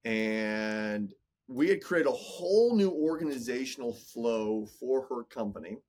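A man's voice: mid-range voice, expressive, a little slow, darkish tone. A man in his forties, a business coach talking in a casual podcast interview, emphatic and motivational, often repeating words. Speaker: business coach and entrepreneur guest.

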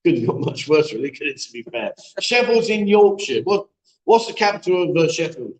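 A chatty man hosts a live-stream show, joking with his co-host and reading out viewer messages. His voice sits fairly high, and the room around him rings with echo. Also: big pitch swings, fairly quick. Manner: chatty, jokey banter, reads viewer comments aloud. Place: echoey room being set up as a studio. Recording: echoey room.

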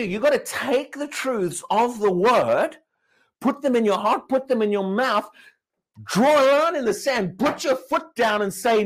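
A man's voice: sits high, very animated, normal speed. Guy preaching a sermon, keeps asking the crowd questions, voice swoops up and down. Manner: emphatic, repeats and restarts words, asks the congregation questions.

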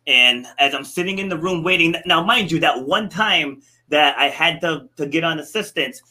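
Man, podcast host, very bright tone, slightly high voice, animated storytelling. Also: moderate pace. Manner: animated storyteller, laughs often. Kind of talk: casual conversation.

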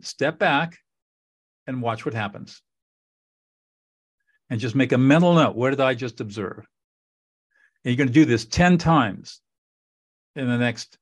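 A man's voice: mid-range voice, dry recording. Earnest man explaining in a dry voice. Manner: earnest, instructive, repeats phrases for emphasis. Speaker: podcast host. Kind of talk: conversational interview.

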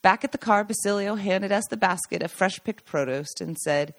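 A woman reading her own memoir aloud as a podcast host, telling the story warmly with small slips and restarts. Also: medium pitch, normal speed, no echo. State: choked up at times.

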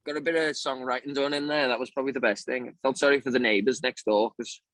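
A man's voice: medium pitch, steady tone, fast, a bit bright, no room sound. A man from the north of England with a Northern English accent, a band member joking and making fun of himself in a casual interview. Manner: joking, self-mocking.

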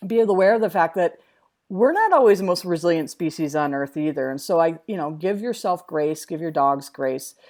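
A woman telling frank, lively stories in casual chat, acting out what people said. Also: on the low side, moderate pace. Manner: lively storyteller, acts out quotes.

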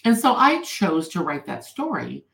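Woman guest, gravelly texture, echoey room, earnest storyteller. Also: low-pitched, wildly swooping pitch, measured pace, a bit bright. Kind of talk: personal storytelling in an interview.

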